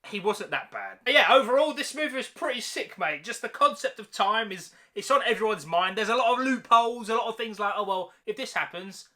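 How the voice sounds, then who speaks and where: A man's voice: high-pitched, lively intonation, a little fast, hardly any pauses, pushed and bright. A young man giving a casual, enthusiastic movie review full of slang, calling his viewers mate. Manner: enthusiastic slangy chatter, calls listeners mate.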